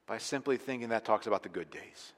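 A man preaching a sermon as pastor, talking conversationally and with emphasis, sometimes falling to a quiet, intense tone. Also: fairly low pitch, a little fast, long reverb tail.

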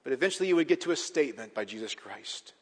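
A man preaching a sermon as a pastor, emphatic, with big swings in pitch and loudness. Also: lively intonation, quick pace, husky. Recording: reverberant hall.

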